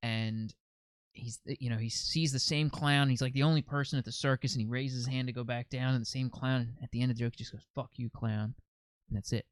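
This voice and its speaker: Man telling a long joke on a podcast, halting and trailing off, dry close sound. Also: medium pitch, steady tone, smooth, no echo. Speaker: podcast talker. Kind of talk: casual chat.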